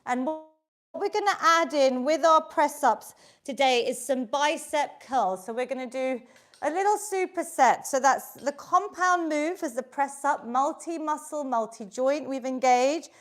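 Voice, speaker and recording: A woman's voice: sits high, unhurried. A woman leading a live online exercise class as fitness instructor, upbeat and encouraging, counting reps aloud while she exercises along.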